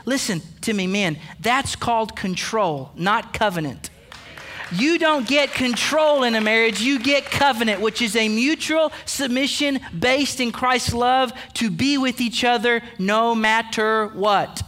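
High, bright-voiced preaching pastor. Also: male voice, animated, measured pace. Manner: emphatic, preachy, addresses men directly, playful asides. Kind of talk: sermon. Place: church sanctuary.

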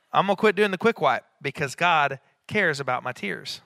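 A middle-aged man preaching a sermon as a pastor, conversational, with quick asides and rising emphatic peaks. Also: a little high, animated, gravelly, bright, forceful tone, dry recording.

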